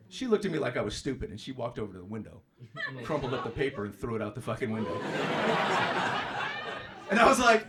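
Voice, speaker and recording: A male stand-up comedian doing a profane, brash set on stage, jumping into loud mocking voices for punchlines. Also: mid-range voice, very animated, fast. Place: comedy club stage with live audience. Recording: live club recording with audience noise.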